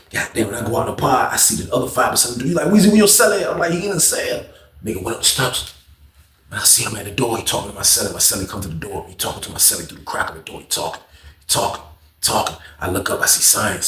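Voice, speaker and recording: Slangy storytelling man in an echoey room. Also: fairly low pitch. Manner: animated, heavy slang, repetitive. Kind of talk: casual storytime.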